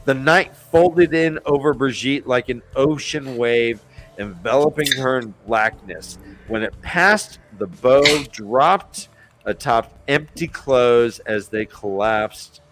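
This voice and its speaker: A man casually recapping book chapters on a podcast, acting out the characters' lines as he goes. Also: mid-range voice. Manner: animated retelling, acts out characters' lines. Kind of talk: casual chat.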